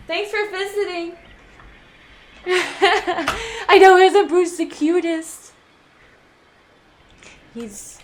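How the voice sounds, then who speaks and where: A woman's voice: sits high, fairly bright tone, slight background noise. A woman streaming a game, chatting casually with viewers, giggly and chatty, who coos baby talk at her cat. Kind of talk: casual gaming livestream chat.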